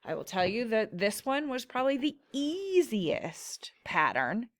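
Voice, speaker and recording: A woman's voice: on the high side, very animated, no room sound. A woman teacher patiently explaining syllable patterns in a classroom phonics lesson. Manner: slow, patient explaining with drawn-out words.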